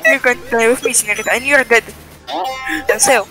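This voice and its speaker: A woman's voice: a little high, steady tone, brisk, poor audio. A woman chatting chaotically with friends while playing a game, bursting into dramatic shrieks and mock crying. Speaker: gamer. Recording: game music playing behind.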